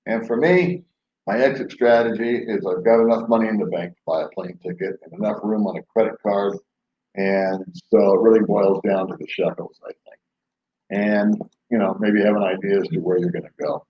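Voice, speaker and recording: A man's voice: on the low side, normal speed. A man hosting a casual late-night live stream from home, rambling and joking between chuckles. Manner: rambling, chuckling, jokey storytelling. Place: home in the Philippines. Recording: echoey room, dull lo-fi sound.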